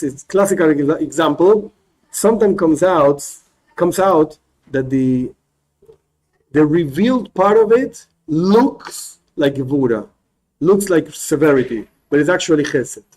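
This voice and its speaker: A male rabbi teaching a spoken class, animated, often restarting phrases and acting out examples. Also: fairly high pitch, poor audio.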